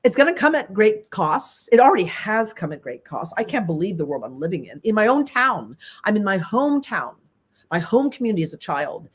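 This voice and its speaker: A woman hosting a casual conversation, telling stories animatedly and jumping up high when she voices her own reactions. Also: brisk, breathy edge. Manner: animated storytelling, voice leaping high for quoted reactions. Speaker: host.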